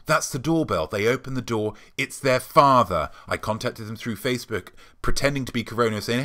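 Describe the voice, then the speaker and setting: A man hosting his show, delivering a rambling, deadpan comic monologue full of ums. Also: medium pitch, normal speed, hardly any pauses. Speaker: show host.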